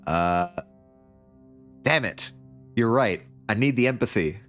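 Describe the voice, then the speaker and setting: A man's voice: lowish voice, very animated, a little slow, long pauses, a bit bright, soft background music. Playful man reading a game aloud. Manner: reads story text, playful asides and laughs. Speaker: streamer.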